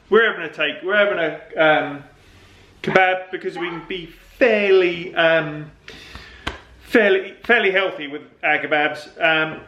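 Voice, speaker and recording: A man's voice: on the high side, sharp tone. A middle-aged man, chatting casually as host of a family vlog at home, upbeat and self-mocking. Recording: echoey room, faint noise.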